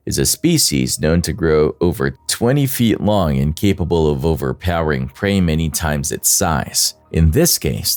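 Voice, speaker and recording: A man's voice: very deep voice, no echo. A man giving scripted narration over video clips, with dry, sarcastic asides.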